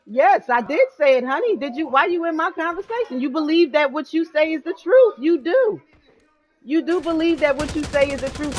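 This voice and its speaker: Over faint game gunfire, a high-pitched woman streamer talks bluntly while she plays. She repeats her points and swears freely. Her voice stays high over a steady rattle of shots. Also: a little hiss or hum. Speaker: gaming streamer. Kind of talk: heated ranting while gaming. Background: video game gunfire.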